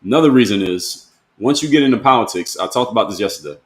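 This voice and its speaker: A man's voice: fairly low pitch, animated, quick pace, echoey room. A man giving a blunt, emphatic monologue to camera as a motivational speaker, in casual slangy talk.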